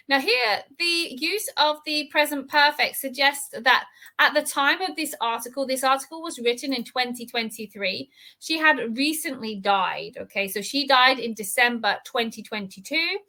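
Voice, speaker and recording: Lady english teacher going over vocab, bright forceful voice, a bit high, keeps saying okay. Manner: clear, patient, checks in with frequent "okay?". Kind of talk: reading lesson explanation.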